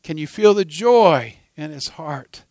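A man preaching a sermon, telling a story with dramatic swings from hushed to loud. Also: on the high side, lively intonation, slow, dry recording.

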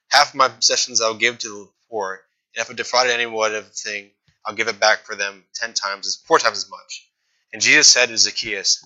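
A man's voice: lowish voice, pushed and bright, highs cut off. A young man preaching a sermon in a casual, conversational way, reading scripture and acting out the people in the story with slangy asides.

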